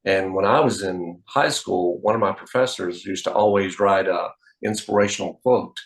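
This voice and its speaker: A man being interviewed as a magician, telling anecdotes in an animated, storytelling way. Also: deep voice, normal speed, rough recording. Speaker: magician guest.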